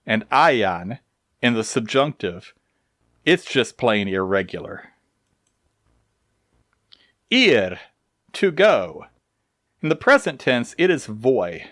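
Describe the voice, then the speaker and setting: A man teaches grammar at an unhurried pace. His pitch rises and falls a lot as he stresses each form. The sound is close and dry, with no room around it. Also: fairly bright tone, dry recording. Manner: slow, deliberate explanations with dry humor. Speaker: Spanish teacher. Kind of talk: recorded grammar lesson.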